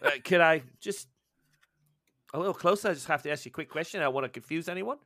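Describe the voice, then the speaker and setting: A man's voice: fairly high pitch, fast, bright, forceful tone, no room sound, clean studio sound. A man voicing a fussy, chatty male shopkeeper in a tabletop game. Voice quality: eager, fussy about details.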